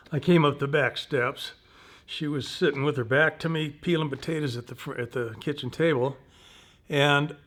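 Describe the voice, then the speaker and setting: A man in his seventies, a veteran telling personal war stories in an interview, in an unhurried, halting, folksy way. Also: mid-range voice, a bit bright. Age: 70s.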